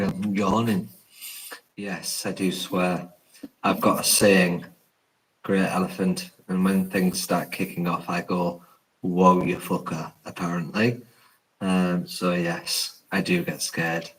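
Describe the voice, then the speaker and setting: Brief: deep-voiced man on a late-night ghost hunt, speaking softly and unhurried, rambling to a live chat. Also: fairly even intonation, poor audio. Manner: hushed, rambling with many ums. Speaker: paranormal investigator. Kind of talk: live stream, answering chat. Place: indoors, a shop at night.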